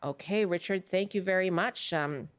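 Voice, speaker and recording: A woman's voice: on the low side, normal speed. A woman hosting a public radio show, friendly and chatty, laughing easily with her guests. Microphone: studio microphone.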